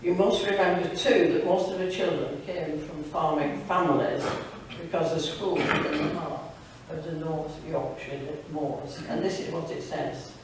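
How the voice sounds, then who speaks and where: A woman with a low voice speaks at a steady tone and moderate pace, rarely pausing, as she reads a story with conversational asides during a devotional talk at a church fellowship evening. The church hall recording is very echoey, picked up by a distant mic, with background noise.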